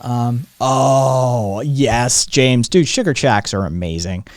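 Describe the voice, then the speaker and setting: A man's voice: mid-range voice, lively intonation, slow pace, dry recording, soft background music. Rambling, swearing American man streaming. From United States. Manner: swears freely, rambling, lots of ums. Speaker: streamer host. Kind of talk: casual chat.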